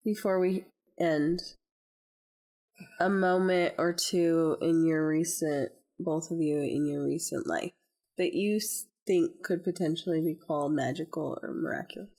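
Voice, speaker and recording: A woman's voice: deep voice, fairly even intonation, unhurried, darkish tone, poor audio. A woman hosting a podcast, engaged in casual conversation and prompting her guests with questions. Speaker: podcast host.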